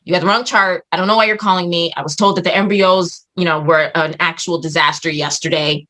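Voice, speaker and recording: A woman's voice: fairly low pitch, fairly even intonation, brisk, a bit bright. A woman guest on a podcast, telling a story in casual chat with blunt, dramatic, profane delivery.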